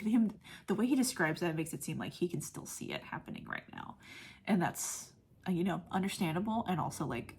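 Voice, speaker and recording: A woman gushing through a casual film review, saying "like" often and dropping into soft whispers. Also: on the low side, husky. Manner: gushing, heavy use of "like", drops to soft whispers when moved; laughs often mid-sentence. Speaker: movie reviewer.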